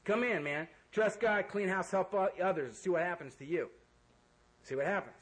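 A man's voice: high-pitched, normal speed, low-quality recording. A man giving a blunt, joking and earnest personal testimony as the speaker at a recovery meeting, swearing casually. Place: meeting room full of people.

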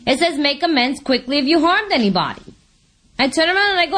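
A woman shares her own story at a recovery meeting, her high voice swooping up and down as she acts out what she said. She tells it like a lively storyteller, often laughing. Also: quick pace. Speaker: speaker sharing at a recovery meeting. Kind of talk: personal testimony with anecdotes.

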